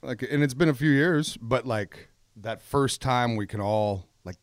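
A man's voice: medium pitch, a little slow, dry recording, clean studio sound. A man co-hosting a casual gaming podcast, rambling and laughing as he tells stories. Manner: rambling, laughs often, trails off. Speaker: podcast co-host. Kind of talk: casual chat.

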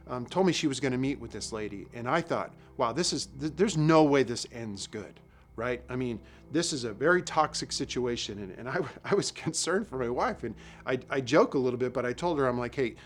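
A man's voice: medium pitch, expressive, moderate pace. Conversational man preaching a sermon. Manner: conversational, storytelling with asides and repetitions. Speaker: lay preacher.

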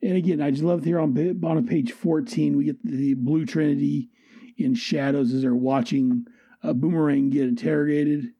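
A husky man with a very dark, mellow tone rambles happily through a comic book review. He talks casually, repeats himself and corrects his phrasing as he goes, clearly enjoying the story. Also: a little high, fairly even intonation, moderate pace, no echo. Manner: rambling, enthusiastic, self-correcting.

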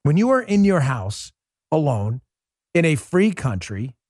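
An emphatic, sarcastic man hosts a commentary show and talks directly to his audience. His voice sits a little high for a man, and the close studio mic sounds dry, with no room echo. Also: sing-song, unhurried, darkish tone. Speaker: show host.

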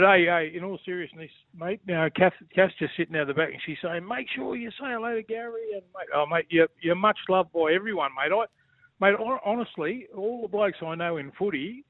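A man's voice: sits high, brisk, no room sound. An Australian man calling in, joking boisterously and saying "mate" constantly. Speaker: guest caller. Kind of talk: casual banter on a call-in. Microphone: phone. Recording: tinny phone line.

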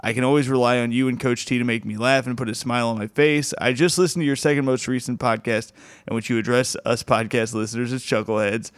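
Smooth-voiced laid-back podcast host man. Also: mid-range voice, steady tone, fast, dry recording. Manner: laid-back, chuckles often, restarts. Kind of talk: casual podcast chat.

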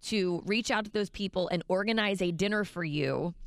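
A woman co-hosting a morning radio show, teasing her co-host with exasperated, lively banter. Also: medium pitch, moderate pace, smooth, no room sound.

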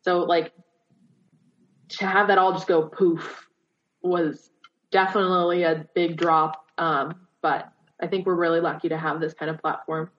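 A woman's voice: lowish voice, level tone, measured pace. A young woman from Southern California who teaches theater, chatting casually on a video call and filling her talk with "like". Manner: chatty, many "like" fillers. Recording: dull lo-fi call audio.

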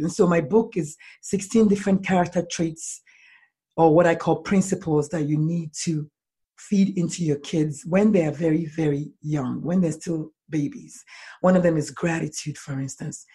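A woman author answering interview questions, animated and acting out bits of dialogue as she talks. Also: sits low, slightly rough. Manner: animated, acts out dialogue in lively voices. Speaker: author guest.

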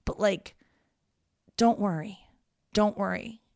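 Blunt, profane woman with a gravelly voice. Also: medium pitch, slow pace, a little mellow, no echo, studio quality. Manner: blunt, profane, frank and reassuring. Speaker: podcast host giving advice. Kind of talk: casual advice podcast.

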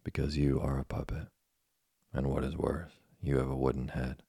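A man with a husky, gravelly voice reading the lines of a patient, preachy old male cricket in an audiobook. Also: rumbling low, normal speed, no echo, clean studio sound, exaggerated voice. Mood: calm, preachy. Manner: calm and preachy.

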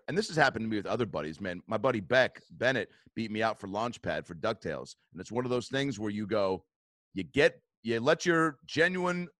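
A man telling a long story in relaxed chat, with mid-range pitch and lively swings into loud acted-out quotes. He swears freely and piles up fillers as he goes. The sound is close and dry, with no room around it. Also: no echo. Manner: animated, swearing, acts out quotes in bursts.

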